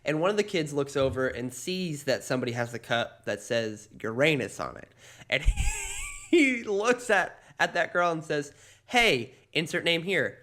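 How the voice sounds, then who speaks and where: Animated man telling playful stories. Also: a little high, normal speed. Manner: animated, laughs often mid-sentence; playful storytelling. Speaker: podcast co-host. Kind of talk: comedic casual chat.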